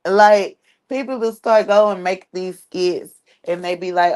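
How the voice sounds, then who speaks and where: Blunt, exasperated woman with a low voice. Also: fairly even intonation, measured pace, darkish tone, smooth. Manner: blunt, exasperated, swears freely. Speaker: streamer commenting on an online family. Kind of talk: casual livestream commentary.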